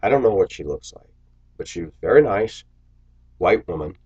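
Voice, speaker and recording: A man's voice: low voice, lively intonation, normal speed, a little mellow, husky, dull audio. A man vlogging to his viewers in a bitter, sarcastic, preachy rant. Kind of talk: ranting to camera.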